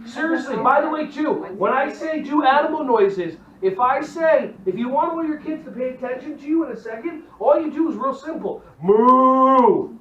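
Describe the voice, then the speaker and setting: A man giving a lively, playful workshop talk to teachers, full of quick asides, recorded in a large room. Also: extremely high pitch, echoey room, distant mic, dull audio. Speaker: teacher trainer.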